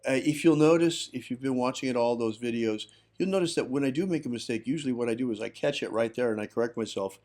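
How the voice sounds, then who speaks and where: A man's voice: medium pitch, fast, hardly any pauses, darkish tone. A man hosting a livestream and giving firm, instructive teaching on ritual practice. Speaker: host, magick teacher.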